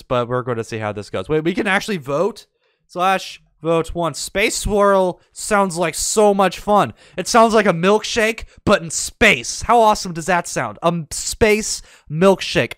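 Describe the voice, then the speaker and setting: High, excitable male gamer. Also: clean tone, no room sound. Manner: excitable, panicky yelps and dramatic pleading; sarcastic, mock-indifferent asides. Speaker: gaming YouTuber. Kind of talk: casual gameplay commentary.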